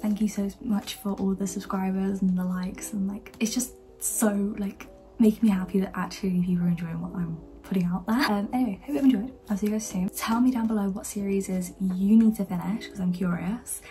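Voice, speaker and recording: A young woman, chatting casually in a book review vlog and often speaking in a hushed whisper. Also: mid-range voice, steady tone, a little fast, poor audio. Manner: often whispering late at night, enthusiastic. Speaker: book vlogger.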